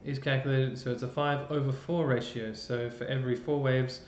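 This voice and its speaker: An Australian man explains music theory on a live stream. His talk is loose and chatty, with frequent ums and restarts. The sound is roomy and a little muffled, with a faint rumble behind it. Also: level tone, normal speed, a little mellow. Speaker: music presenter.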